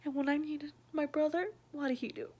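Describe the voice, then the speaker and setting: A young woman whispering a personal story in a soft, halting, intimate hush. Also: high-pitched, steady tone. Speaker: vlogger sharing her past.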